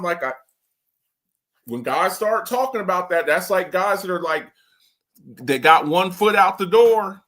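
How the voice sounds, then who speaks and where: A bright, high-pitched man hosting a sports talk show. He rants with excitable energy, and his pitch and volume jump around as he makes his points. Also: measured pace, pauses often. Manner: loud, excitable, swings high and low in pitch, slips into mock voices. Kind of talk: animated sports talk rant.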